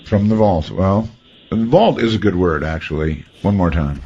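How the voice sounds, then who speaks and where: A man's voice: low voice, lively intonation, moderate pace, warm tone, soft background music. A man co-hosting a radio talk show, steering the chat with wry questions. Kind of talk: casual on-air conversation. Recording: dull, lo-fi line with faint hiss.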